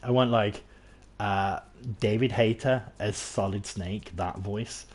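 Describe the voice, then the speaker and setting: Here the English streamer talks at a normal speed in a fairly low, slightly rough, somewhat mellow voice. His gameplay commentary is casual and rambling, self-deprecating, and full of restarts.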